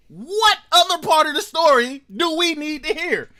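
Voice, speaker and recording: A man hosting a reaction commentary show, ranting loudly and mockingly with heavy profanity. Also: very high-pitched, lively intonation, normal speed. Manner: loud, profane, mocking rants. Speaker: commentary host.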